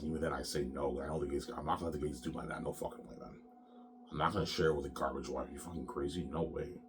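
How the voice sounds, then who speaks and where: A man's voice: very deep voice, fairly even intonation, fast talker, noisy background. A sick, coughing man hosting his own show in a rambling, profane monologue that keeps coming back to "man". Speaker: solo show host.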